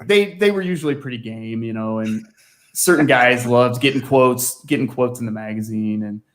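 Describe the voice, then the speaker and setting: A man who used to be a magazine staff writer appears as a guest, telling stories in casual chat. His voice is medium-pitched at a moderate pace, and he laughs often and fills with "like".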